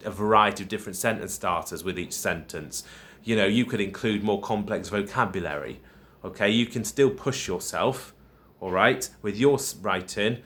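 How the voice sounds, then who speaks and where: Patient low-voiced male teacher. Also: a bit bright. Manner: patient, explains step by step, checks in with "okay?". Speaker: primary school teacher. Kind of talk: recorded home-learning lesson.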